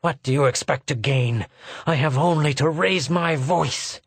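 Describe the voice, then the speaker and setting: A man's voice: lively intonation, takes it slowly, breathy edge, no echo, clean studio sound. A man reading aloud, voicing a bitter, cornered male secretary who speaks shrilly. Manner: shrill, bitter, passion-choked.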